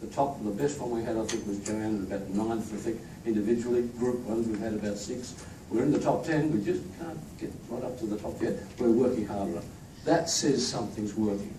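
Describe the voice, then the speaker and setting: Presenting his institute's staff, a man delivers a chatty speech full of jokes to a crowd at a staff event, in a lowish voice that moves a little fast with hardly any pauses. The mic is distant, the room echoes, and crowd noise is audible.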